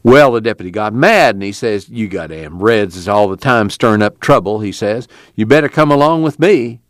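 A man's voice: on the low side, lively intonation, moderate pace, dry recording, studio quality, lightly acted. Man playing a tubby, cussing migrant. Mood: indignant. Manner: rambling, profane storyteller. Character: tubby, talkative male migrant worker.

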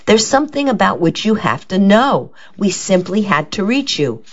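A nervous middle-aged man hurries to smooth things over, as a woman reader voices him. His lines rise a little above her low reading voice. The sound is muffled and lo-fi. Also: very animated, normal speed. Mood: placating. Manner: hasty, placating. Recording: dull lo-fi recording.

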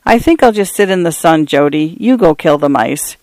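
Man voicing a soft-spoken old grandfather, gentle and wistful, dry close audiobook sound. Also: fairly high pitch, animated, normal speed, no room sound. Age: older.

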